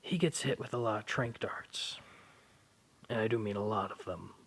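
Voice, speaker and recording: A hoarse man with a sore throat casually narrating a fan story in a rambling, loose way. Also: lowish voice, normal speed, a bit bright.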